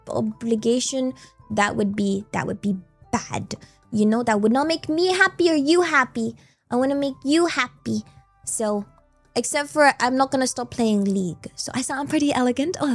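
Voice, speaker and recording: A young British woman streaming, chatting in a playful, rambling way. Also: a little high. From Britain. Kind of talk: casual live-stream chat.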